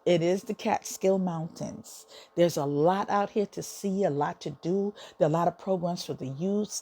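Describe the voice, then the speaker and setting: A woman's voice: low-pitched, dark tone. A woman hosting a podcast from her home office, talking casually and emotionally, gushing and repeating words for emphasis. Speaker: podcast host. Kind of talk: casual monologue.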